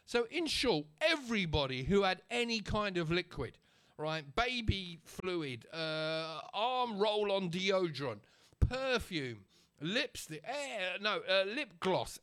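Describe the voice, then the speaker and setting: Man with a slightly raised pitch for a casual vlog rant, sarcastic and conversational. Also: very animated, slow pace, fairly bright tone, clear, resonant tone. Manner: chatty and sarcastic, checks in with the listener. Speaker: vlogger.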